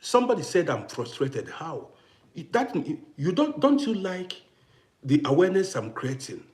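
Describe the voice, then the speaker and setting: A man's voice: high voice, huge pitch swings, normal speed, a little mellow. A man with grown children, ranting to camera on his vlog in an emphatic, repetitive, challenging way. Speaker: vlogger. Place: living in Austria.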